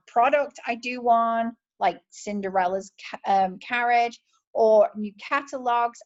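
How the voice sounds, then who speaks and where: A woman's voice: mid-range voice, dull audio. A woman with a British accent giving an enthusiastic, chatty motivational talk as a sales team leader. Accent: British English.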